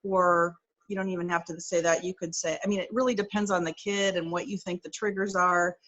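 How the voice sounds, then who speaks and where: A woman's voice: fairly low pitch, little pitch movement, brisk, fairly bright tone, lo-fi sound. A middle-aged woman occupational therapist explaining in an interview, chatty and practical, working through step-by-step examples with frequent fillers.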